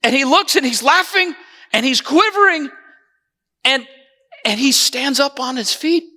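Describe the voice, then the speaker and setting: A male pastor delivering a dramatized first-person sermon, telling the story dramatically and swinging between lively and hushed passages. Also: extremely high pitch, unhurried. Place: church sanctuary. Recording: echoey church hall.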